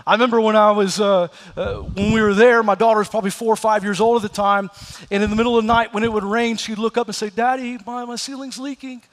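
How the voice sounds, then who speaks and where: Guy preaching in a church, fairly high voice, tells stories and does the voices, big hall echo. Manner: storytelling, acts out quoted voices. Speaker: pastor. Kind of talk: sermon. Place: church sanctuary.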